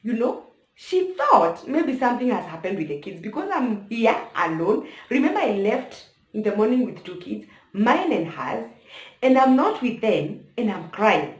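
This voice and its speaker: A woman's voice: a little high, very animated, normal speed. A young woman with a Kenyan accent telling a personal story to camera, emotional and talking straight to her viewers. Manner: emotional, addresses viewers directly. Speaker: vlogger. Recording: echoey room.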